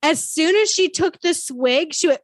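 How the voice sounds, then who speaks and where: A woman, a teacher, chatting casually and telling a quick story. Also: high voice, dry recording. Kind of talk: casual conversation.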